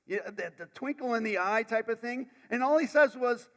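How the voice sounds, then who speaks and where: A male pastor preaching a sermon, dramatic, swinging from loud bursts to hushed lines and repeating words as he goes. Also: very high-pitched, normal speed, few pauses. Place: church sanctuary. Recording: long church hall reverb.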